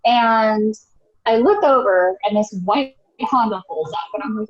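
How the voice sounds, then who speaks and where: A woman's voice: on the high side, lively intonation, measured pace. A woman guest telling a personal story in a casual, candid way, full of fillers and acted-out quotes, on a roomy, dull-sounding recording. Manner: candid, chatty, many fillers, acts out quotes. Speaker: podcast guest.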